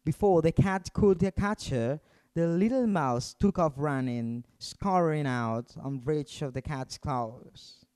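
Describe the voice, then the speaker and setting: A man reading a children's story aloud in an expressive storytelling manner. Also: fairly high pitch, takes it slowly, clear, resonant tone, dry recording.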